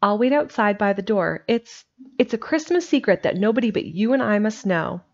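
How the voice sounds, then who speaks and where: A gentle, tired aunt from an old storybook, speaking in a soft, hushed and tender way, as a woman reading aloud puts her on. Her voice sits at an ordinary middle pitch. It comes through a dull, lo-fi home recording. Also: animated, normal speed, lightly acted.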